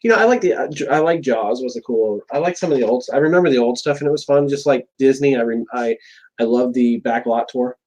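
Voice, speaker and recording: A man's voice: mid-range voice, fast talker, a little mellow, poor audio. Stuffy-nosed guy from central florida, rambles and restarts a lot, casual live chat. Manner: rambling, starts over mid-sentence. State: stuffed-up nose. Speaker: co-host of a live chat stream.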